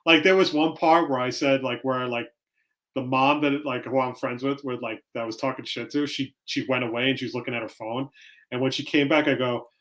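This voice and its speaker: A man chats on a casual podcast. He tells stories in an animated way and acts out what people said. His voice sits at an ordinary middle pitch. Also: fairly quick. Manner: animated storytelling, acts out quoted lines. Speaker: podcast co-host. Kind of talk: casual chat.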